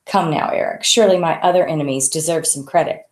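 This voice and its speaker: A woman's voice: low voice, fast talker, darkish tone, echoey room, natural voice. A woman voicing a fussy, wealthy male record label boss with a genteel, chatty manner. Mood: genial.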